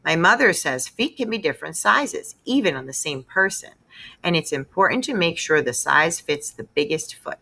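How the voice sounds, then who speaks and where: A woman reading a children's novel aloud, expressive and storytelling. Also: sits low, normal speed, vocal fry. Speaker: read-aloud narrator.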